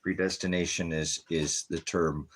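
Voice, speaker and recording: A man's voice: deep voice, little pitch movement, unhurried. A man preaching casually on a livestream from his living room, rambling and unscripted. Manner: casual, rambling, breaks off to coax pets. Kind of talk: livestreamed sermon. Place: home living room by a fireplace. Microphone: streaming device.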